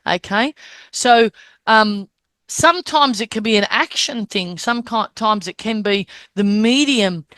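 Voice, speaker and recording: A woman's voice: medium pitch, unhurried, a bit bright, no echo. A woman medium explaining how spirit communicators are recognised, checking in with her listeners and acting out gestures as she teaches. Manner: checks in often with "Okay?"; acts out the spirits' words and gestures.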